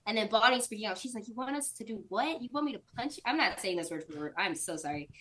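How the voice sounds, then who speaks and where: A woman's voice: medium pitch, expressive, fast talker, a bit bright, rough recording. A woman guesting on a podcast, recapping a comic chapter in casual chat, chatty and giggly as she acts out lines.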